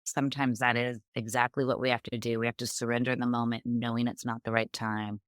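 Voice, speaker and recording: A middle-aged woman, a podcast guest, telling personal stories in an animated way and acting out quoted dialogue. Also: a bass voice, fast, dry recording, studio quality. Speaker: guest, author and business owner. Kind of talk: conversational storytelling.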